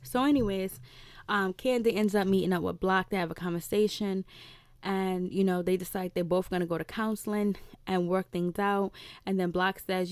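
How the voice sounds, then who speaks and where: A woman's voice: medium pitch, fairly even intonation, a little mellow, clear, resonant tone, no echo. A woman casually recapping a TV episode, rambling with lots of "you know" fillers and acting out the lines she quotes. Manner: acts out characters' lines in quick voices. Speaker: reality TV recap vlogger.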